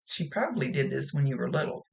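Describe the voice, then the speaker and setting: A woman's voice: a bass voice, expressive, fast, gravelly. A woman working as a psychic medium, giving a rambling, chatty reading and often laughing. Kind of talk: casual spoken reading.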